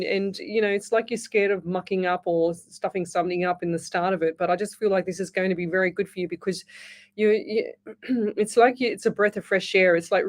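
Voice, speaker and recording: A woman's voice: mid-range voice, darkish tone. A woman hosting a live radio show, giving psychic readings in a reassuring, repetitive way with many restarts. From Australia. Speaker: psychic medium radio host.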